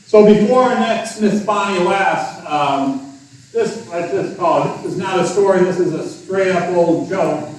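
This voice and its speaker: High-voiced folksy emcee man in an echoing hall. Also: measured pace. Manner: folksy, chuckling at his own joke. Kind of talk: emceeing, telling a joke. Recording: echoey hall from far off.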